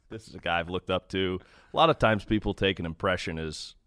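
Young broadcaster guy, low voice, earnest and a bit self-deprecating, dry close sound. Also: moderate pace, fairly bright tone, clean tone, dry recording. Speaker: baseball broadcaster, guest. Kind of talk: conversational storytelling.

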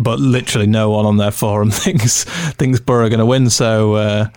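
A man hosting a casual football podcast, running through stats and fixtures in a brisk way. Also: lowish voice, fairly even intonation, no echo, studio quality. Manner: reads out match stats briskly. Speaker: podcast host.

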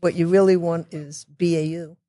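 A woman talking as a guest in a casual interview, chatty and quick to restart her sentences, with sarcastic asides. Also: lowish voice, fairly even intonation, mellow, dry recording, studio quality. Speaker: guest, technology consultant.

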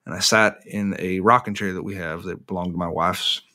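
A man, an author and interview guest, telling a personal story in an animated, self-deprecating way, often restarting his sentences. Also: low voice, a little fast.

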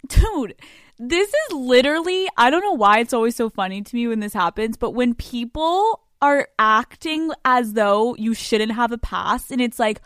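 A woman's voice: on the high side, moderate pace, no room sound, studio quality. A young woman hosting a solo podcast, giving frank advice in a brash, profane, laughing way and reading out listener letters. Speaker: podcast host.

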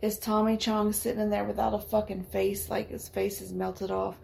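A woman co-hosting a podcast in casual chat, blunt and swearing, with quick asides. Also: medium pitch, flat delivery, creaky, darkish tone, slight background noise. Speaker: podcast co-host.

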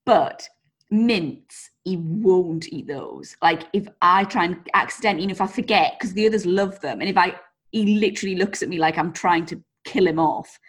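A woman co-hosting a podcast, telling stories in a lively way and swearing casually. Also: on the low side, moderate pace, breathy edge. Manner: animated storyteller, swears casually. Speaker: podcast co-host. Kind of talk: casual chat.

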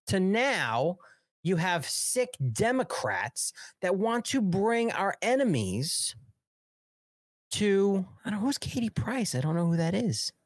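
Crude, mocking talk show host. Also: male voice, sits high, sing-song, takes it slowly, no echo, clean studio sound. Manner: crude, mocking, sarcastic rant; reads news aloud, then riffs on it. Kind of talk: live political talk show monologue.

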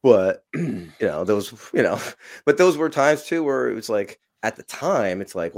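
Deep-voiced man telling rowdy stories. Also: big pitch swings, measured pace, a little mellow. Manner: profane, rambling, laughs through stories. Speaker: podcast guest. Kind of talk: casual storytelling.

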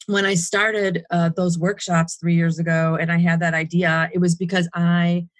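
A woman's voice: on the low side, little pitch movement, normal speed, no echo. A woman guest in an interview, telling her story in a rambling way with many restarts and fillers. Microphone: home setup, dry sound.

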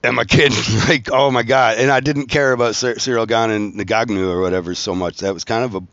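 A man's voice: medium pitch, steady tone, a little fast, fairly bright tone, dry recording, muffled recording. A man hosting his own show, telling a rambling, profane story with frequent laughs. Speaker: podcast host, tattoo artist. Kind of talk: casual storytelling monologue.

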